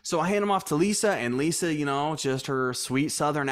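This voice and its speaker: A man with a fairly high voice talks briskly as a guest in a casual interview. He owns a gym and tells stories with lots of energy, acting out what the people in them said.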